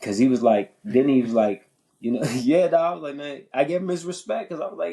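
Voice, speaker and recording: A man on a podcast telling a long story in casual chat. He talks in an animated, profane way, often repeating and restarting his phrases. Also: fast, creaky, rough recording. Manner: animated, profane, pitch jumping high when worked up. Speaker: podcast host.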